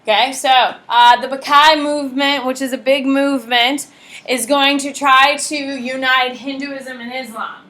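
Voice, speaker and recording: A woman's voice: sits high, fairly even intonation, unhurried, bright, forceful tone, reverberant, poor audio. A woman teaching a lecture class, chatty and self-deprecating, often asking the class questions.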